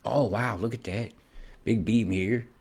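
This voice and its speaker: A man's voice: fairly low pitch, fairly even intonation, a little slow, darkish tone, breathy edge. A man with a rambling, conspiratorial and profane manner, pointing out things on a screen as a weather vlogger.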